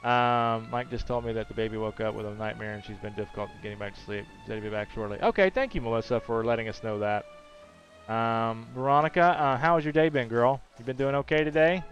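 A man's voice: medium pitch, brisk, lo-fi sound, soft background music. A man hosting a casual gaming livestream, reading viewer comments aloud and bantering with his regulars by name. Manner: chatty, reads viewer comments aloud and answers them warmly by name. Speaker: livestream host. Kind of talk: casual live-stream chat while gaming.

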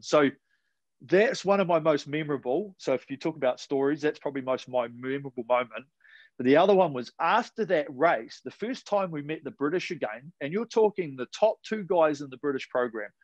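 A retired rower with a New Zealand accent, appearing as a podcast guest, tells sports stories in a relaxed, slangy style with casual swearing. His voice sits on the high side, and the recording is muffled with no echo.

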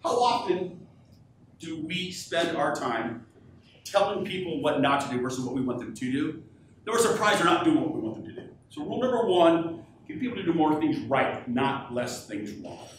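Man, keynote speaker, high voice, animated pitch swings, echoey hall, distant from the mic, faint hum. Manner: energetic, quizzes the audience with questions. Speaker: professional speaker. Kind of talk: live business keynote talk. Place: event hall with audience.

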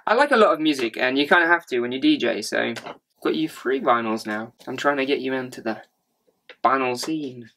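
A young man, the host's boyfriend, talking in a relaxed, dry way during a casual vlog. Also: medium pitch, a little fast, a little hiss or hum. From England. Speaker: boyfriend guest, DJ. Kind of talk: casual couple vlog chat.

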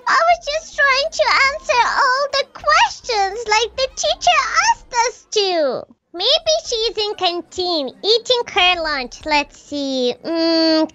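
A woman's voice: very high voice, pushed and bright, highs cut off, exaggerated voice. A weepy baby princess girl. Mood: nervous. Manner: babyish, whimpering, sobbing often. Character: timid little girl princess, first day at school. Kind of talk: Minecraft role-play voice acting.

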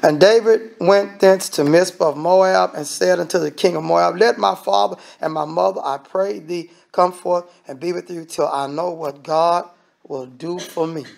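Male preacher, gravelly voice, emphatic, repeats himself, chatty asides. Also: sits high, darkish tone. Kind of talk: sermon.

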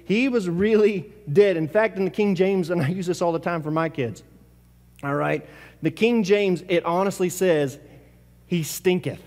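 A man's voice: sits high, moderate pace, darkish tone, long reverb tail. A man preaching a sermon as pastor, talking casually and asking the congregation questions. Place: church sanctuary.

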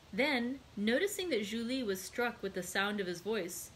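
A woman, a library host, narrating a classic novel in a steady, clear reading. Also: medium pitch, normal speed, hardly any pauses, slight background noise, rough recording.

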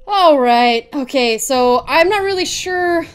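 A woman's voice: sits high, lively intonation, slow pace. A young woman playing a horror game on her channel, panicking, shrieking and laughing nervously as she talks. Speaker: let's play gamer.

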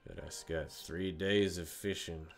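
Guy doing a grumpy country fisherman, deep drawl, folksy and low. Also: fairly even intonation, measured pace, creaky, faint music behind. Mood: grumbling. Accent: put-on American country accent. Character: gruff country fisherman man, grumbling at office workers. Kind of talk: live stream role-play.

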